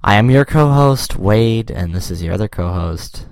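Low-voiced playful Canadian co-host. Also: male voice, lively intonation, normal speed, gravelly, no echo, clean studio sound. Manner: rambling, playful, laughing. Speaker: podcast co-host. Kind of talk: casual comedic chat.

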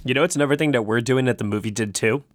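A man hosting a casual film review chat, talking haltingly with frequent restarts and repeated words. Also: medium pitch, no room sound, clean studio sound. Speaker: film review podcast host.

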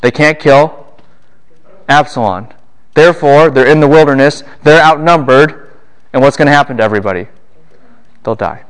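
A man lecturing a class on the Bible, animated and full of rhetorical questions. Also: mid-range voice, clean tone.

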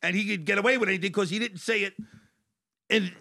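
A man's voice: high-pitched, fast talker, gravelly, pushed and bright, dry recording, clean studio sound. A man talking as a guest on a podcast, blunt and profane, ranting his opinions. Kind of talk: casual podcast chat.

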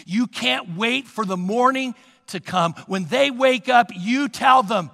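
A man preaching a sermon, asking the congregation rhetorical questions and telling a story dramatically, swinging between loud and hushed. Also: very high-pitched, measured pace, creaky. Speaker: pastor. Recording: long reverb of a large hall.

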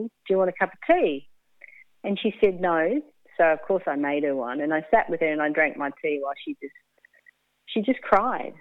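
Woman, lowish voice, tinny phone line, candid storyteller, laughs often. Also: no room sound. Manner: candid, laughs often, acts out quoted speech. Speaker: guest. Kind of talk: casual storytelling interview.

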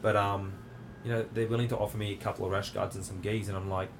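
A man's voice: lowish voice, level tone, fast, background noise. A man with an Australian accent hosting a casual interview, talking in a rambling, laid-back way with lots of fillers. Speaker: podcast host and jiu-jitsu academy owner.

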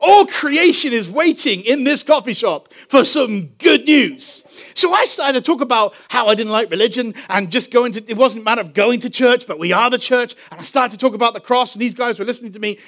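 An English pastor delivers a sermon in a strikingly high voice for a man. He tells his story with animation. He stretches out the important phrases slowly. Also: animated, a bit bright. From England.

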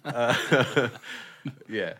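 A man's voice: medium pitch, expressive, drawn-out words, a bit bright. A young adult man co-hosting a podcast, telling a story in laid-back casual chat and swearing freely. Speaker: podcast co-host.

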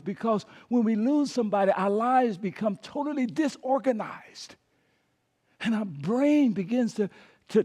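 A man preaching a sermon as pastor, calling on the congregation to repeat words, swinging between emphatic and hushed delivery. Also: sits high. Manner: preaching with call-and-response prompts to the congregation.

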